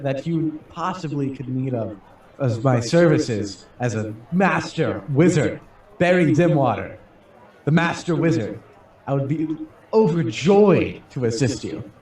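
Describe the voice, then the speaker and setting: A man's voice: mid-range voice, a little mellow, roomy sound, recorded from a distance, close to an everyday voice. A man voicing a pompous, bumbling human wizard who rambles and praises himself.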